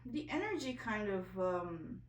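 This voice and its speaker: A woman's voice: mid-range voice, big pitch swings, unhurried, reverberant, distant mic, a little hiss or hum, rough recording. A woman vlogger telling a personal story in a candid, emotional way, a little nervous, full of fillers and restarts.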